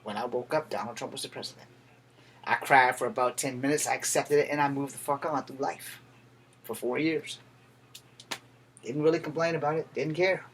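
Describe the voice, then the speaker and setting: Blunt, heated man in his thirties; profane vlog rant, mid-pitched voice, faint noise behind. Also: fairly even intonation, normal speed, pauses often, fairly bright tone. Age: 30s. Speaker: veteran. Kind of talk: political rant to camera.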